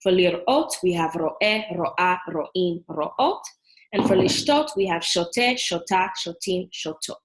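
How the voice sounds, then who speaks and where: A woman's voice: fairly low pitch, low-quality recording. Patient woman teaching Hebrew verbs. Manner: clear, patient, drills sound patterns slowly. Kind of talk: language lesson.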